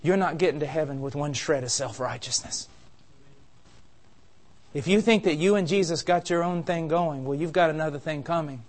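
A man preaching a sermon with passion, building to loud urgent peaks and dropping to quiet, intense warnings. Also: on the high side, normal speed.

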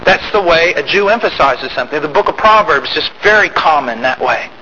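Male preacher, sermon, high bright voice, loud bursts and quiet asides, slightly dull recording, faint hiss. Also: lively intonation, a little fast. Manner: emphatic, swings between loud rising outbursts and low quiet asides.

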